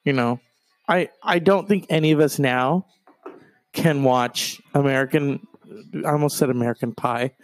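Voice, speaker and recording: A man's voice: medium pitch, normal speed, no room sound. A man hosting his own solo podcast, talking casually with profane, rambling, sarcastic asides. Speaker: podcast host. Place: home in the countryside.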